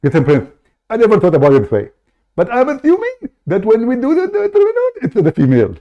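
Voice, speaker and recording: A man's voice: extremely high pitch, wildly swooping pitch, quick pace, lo-fi sound, voice pushed up, full character voice. A man voicing an eager, boastful male caller who speaks earnestly and starts his points with the same stock phrase. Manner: earnest, boastful, always opens with "first of all".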